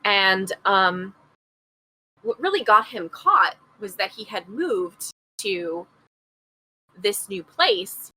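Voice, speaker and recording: Bright-voiced woman telling a story casually. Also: mid-range voice, very animated, slow, long pauses, slightly rough, low-quality recording. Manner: chatty, reads passages aloud and adds her own asides. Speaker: podcast co-host. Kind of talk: casual true-crime storytelling.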